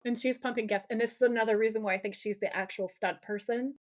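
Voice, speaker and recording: Speaking fast with a voice on the high side, a woman co-hosts a podcast and recaps a TV episode in lively, casual conversation. She acts out the characters' lines as she retells the scenes.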